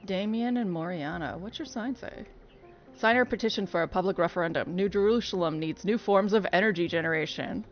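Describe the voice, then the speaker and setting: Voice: medium pitch, fairly quick. A gaming streamer making casual, sarcastic, joking commentary while playing. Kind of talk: casual let's play commentary. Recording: dull audio over game music.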